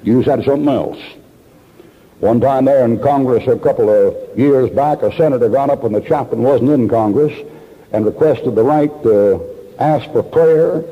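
A man preaches a sermon, spinning folksy stories and hammering his points with repetition. His voice is husky and mid-pitched. The recording is a dull, muffled old tape that carries the long echo of a church hall. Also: normal speed. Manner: folksy storyteller, emphatic repetition.

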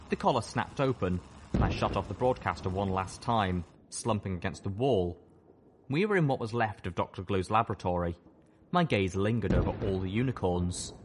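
A low-voiced man narrates a story with steady intensity. Loud artillery and engine sound effects fill the background under his reading. The delivery is dramatic, first-person audiobook storytelling. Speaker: audiobook reader. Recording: noisy with battle sound effects.

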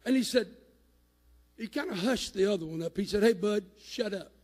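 A man preaching a sermon in a church, shouting at his peaks and dropping low in between. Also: animated, moderate pace, long reverb tail. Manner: rising to shouted climaxes, then dropping low. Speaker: pastor. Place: church sanctuary.

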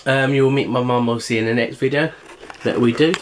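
Brief: man, mid-pitched, chatty cooking vlog host, casual, filler-heavy. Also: fairly even intonation, quick pace, a little hiss or hum. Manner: chatty, filler-heavy, eating while talking.

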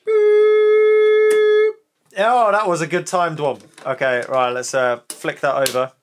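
A man's voice: medium pitch, lively intonation, moderate pace, noisy background. A man casually demonstrating an old machine, chatting and thinking aloud as he tinkers. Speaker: museum owner demonstrating an answering machine.

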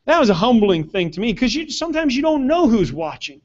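Earnest high-voiced man preaching a sermon. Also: big pitch swings, fairly quick, muffled recording. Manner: earnest preaching, rising emphasis on key points. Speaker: pastor. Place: church sanctuary.

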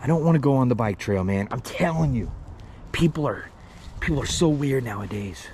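A man's voice: medium pitch, expressive, brisk, darkish tone, a little hiss or hum. A man vlogging alone on an outdoor trail, joking and chatting to his viewers nonstop. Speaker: paranormal explorer vlogger. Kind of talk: rambling solo commentary.

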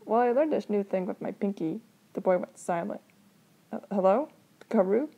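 Woman narrator, gravelly and mellow, casual story reading with asides. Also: medium pitch, fairly quick, highs cut off. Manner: reads dialogue in a light voice, sings the song lyrics.

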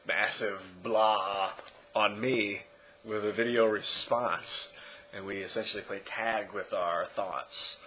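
A man talking casually to his camera in a rambling way, correcting himself and often trailing off quietly. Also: fairly low pitch, slightly rough, low-quality recording. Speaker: vlogger. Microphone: camera mic.

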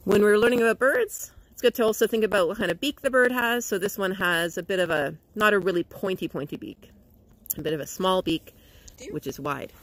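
A woman's voice: medium pitch, a little fast, dry recording, rough recording. A woman educator giving a playful livestream nature lesson to schoolchildren. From Canada. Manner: bubbly, playful, imitates bird calls.

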